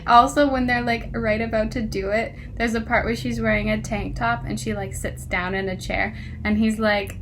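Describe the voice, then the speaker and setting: A woman's voice: on the high side, normal speed, a bit bright, slight background noise. A woman casually reviewing a book, reading passages aloud and mocking them with exasperated, sarcastic asides and frequent laughter.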